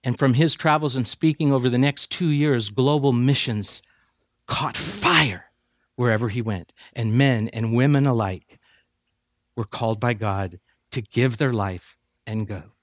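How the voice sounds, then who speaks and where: A man preaching a sermon to seminary students, emphatic and building to near shouts. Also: mid-range voice, measured pace, dry recording, studio quality. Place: chapel addressing seminary students.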